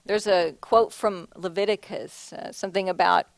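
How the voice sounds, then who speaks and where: A woman's voice: mid-range voice, fairly even intonation, moderate pace, creaky, no room sound. A woman artist giving a casual talk about her paintings, chatty and laughing often, with plenty of restarts and "you know"s. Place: museum lecture hall.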